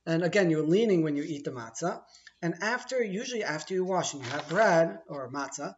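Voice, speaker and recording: Animated and a little fast, this man's voice is slightly high, with the highs cut off in the recording. He's a middle-aged teacher in a casual explanatory video, chattily and playfully guiding viewers through a holiday ritual step by step and pausing to rephrase.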